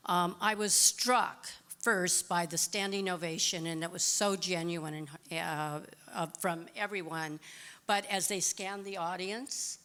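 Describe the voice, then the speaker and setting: A woman interviewing a guest, asking her prepared question in a measured, earnest way. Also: fairly low pitch, a bit bright.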